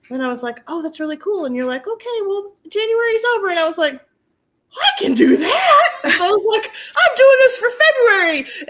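A middle-aged woman, telling stories in casual chat, acting out her own quotes. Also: a little high. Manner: animated storyteller, acts out quotes, laughs often.

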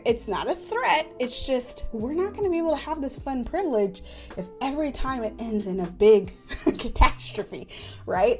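A woman in her thirties hosting a parenting podcast, talking casually and often checking in with "right?". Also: a little high. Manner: conversational, says "right?" often, warm-toned explanations. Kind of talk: casual advice talk.

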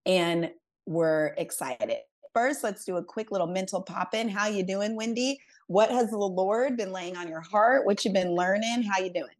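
A woman co-hosting a casual faith podcast over a remote call, playful and quick to laugh. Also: medium pitch. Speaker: podcast co-host.

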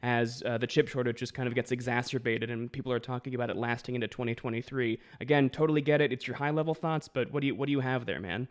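Fast-talking male finance host. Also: medium pitch. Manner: fast, chatty, self-deprecating. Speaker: show host. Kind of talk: casual finance interview.

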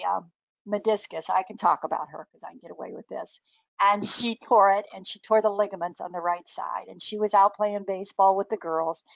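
An older woman chats as a guest, spinning animated stories and slipping into the voices of the people in them. Her voice sits mid-range and sounds dry and close. She laughs easily between lines. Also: mid-range voice, creaky, no echo, rough recording. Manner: lively anecdotal, laughs often, acts out quoted voices. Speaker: guest naturopathic doctor. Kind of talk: casual storytelling.

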